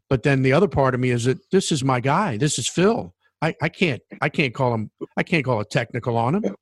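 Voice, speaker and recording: A middle-aged man tells a sports story with real enthusiasm, stumbling over restarts as he gets excited. His voice sits close and dry, with no room sound around it. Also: mid-range voice, brisk, no room sound. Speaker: sports broadcaster and former referee. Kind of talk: casual storytelling conversation.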